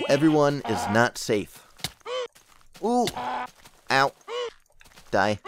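Excitable young man, animated pitch. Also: slow pace, pauses often, noisy background. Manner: excitable, exclaims and yelps often. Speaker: gaming channel host. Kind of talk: casual gameplay commentary.

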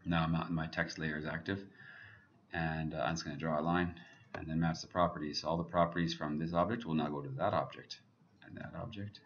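A man teaching a software tutorial over his screen, talking casually and thinking aloud as he clicks through each step. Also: a bass voice, fairly even intonation, a little fast, muffled recording, slight background noise.

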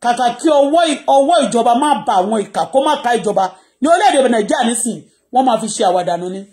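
Speaking very fast in a slightly high, animated voice with a darkish tone, a Nigerian blogger rants on a live stream with impassioned intensity and a raised voice. Yoruba is her first language.

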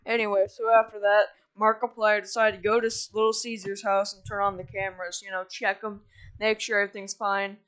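A woman's voice: medium pitch, level tone, a bit bright, slight background noise, low-quality recording. A woman telling a story in rambling casual chat, often restarting with "anyway" and snapping back at interruptions. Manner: rambling, lots of "anyway", quick to snap back.

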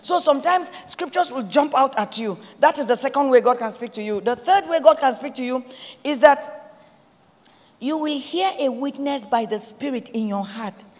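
Nigerian woman pastor, high voice, emphatic sermon delivery, long hall reverb. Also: lively intonation, normal speed, darkish tone. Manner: emphatic, repetitive preaching with quoted prayers.

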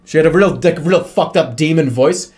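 A man with a high, light voice tells a frightening dream as a casual storytime. He talks animatedly, swears freely and breaks into laughs as he acts out the voices of the people in it. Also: moderate pace, a little mellow. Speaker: vlogcast host.

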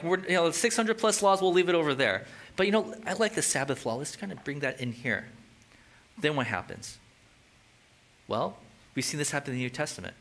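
Bright-voiced, animated male pastor. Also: on the high side. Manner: animated, acts out quoted voices, jokey asides; casual and conversational, with filler words. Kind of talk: sermon.

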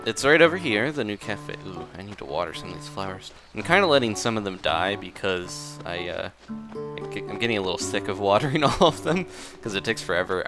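Laid-back male gameplay commentator, low voice, rambling and chuckly, with game music under him. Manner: easygoing, rambling, chuckles often; reads game dialogue aloud in playful voices.

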